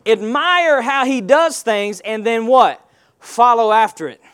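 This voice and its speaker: Man, pastor, sermon, very high voice, call-and-response, rhetorical questions. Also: unhurried, fairly bright tone, smooth.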